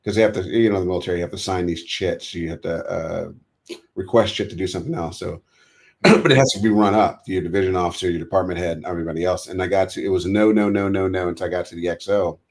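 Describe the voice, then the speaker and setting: Deep, gravelly American man; interview guest, lively storyteller who acts out quotes. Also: fast talker.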